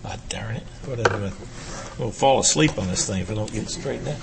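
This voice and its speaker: An older man giving a urology lecture to an audience, emphatic and animated, firing rhetorical questions at the room. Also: fairly low pitch, fast, creaky, background noise.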